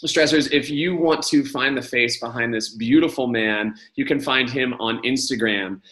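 A male podcast host with a playful, upbeat delivery, a middle-pitched voice that teases and hypes his guest. He keeps the chat bouncy and friendly. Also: moderate pace, bright, forceful tone. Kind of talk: casual chat.

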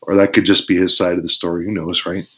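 A man's voice: low voice, level tone, fast, pushed and bright. A man from Canada, a former wrestler and guest, telling stories in a laid-back way, laughing often and acting out quotes. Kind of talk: casual storytelling interview. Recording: dull lo-fi podcast audio.

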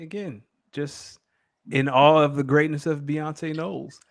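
A man's voice: a little high, steady tone, unhurried, gravelly, no echo, clean studio sound. A young adult man co-hosting a casual sports podcast, telling a story earnestly and laughing easily. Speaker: podcast co-host.

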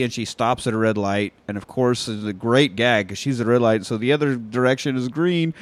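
A man retelling a movie plot in loose, foul-mouthed podcast chat, slipping into quick impressions of the characters. His voice sits in a middle register and sounds close and dry, with no room around it. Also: mid-range voice, dry recording. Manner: profane, jokey, acts out movie lines. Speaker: podcast host. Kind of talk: casual film recap chat.

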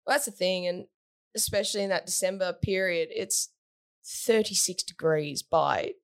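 A woman's voice: fairly low pitch, moderate pace. A woman, a team captain, chatting casually in an interview in an upbeat way, with plenty of "like" and "yeah" fillers.

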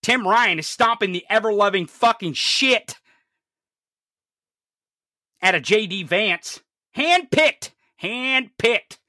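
A commentator delivering an angry, profanity-heavy political rant, swinging from low growls to shouts. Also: slow, long pauses, no room sound, clean studio sound.

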